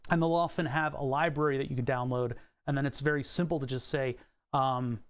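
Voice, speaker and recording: A man's voice: mid-range voice, fairly even intonation, fairly quick, smooth. A man live-streaming from his desk, casually explaining electronics in a rambling, profane way. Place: desk at home.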